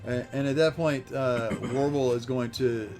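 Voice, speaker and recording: A man narrating as game master for a tabletop game, with halting, filler-heavy delivery. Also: medium pitch, steady tone, darkish tone, faint music behind.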